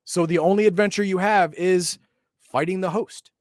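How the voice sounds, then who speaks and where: A man's voice: high-pitched, fairly even intonation, moderate pace, no echo, clean studio sound. A man co-hosting a casual chat, explaining tabletop game lore in a loose, hedging way. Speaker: podcast co-host.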